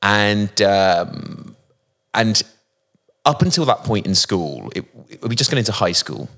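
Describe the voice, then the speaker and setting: A man from England speaks as an interview guest, recalling stories in a thoughtful, unhurried way. His voice sits fairly low, and he pauses often to find his words. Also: very animated, fairly bright tone. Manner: thoughtful, anecdotal, frequent pauses and fillers. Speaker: guest musician. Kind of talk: casual interview, reflective storytelling.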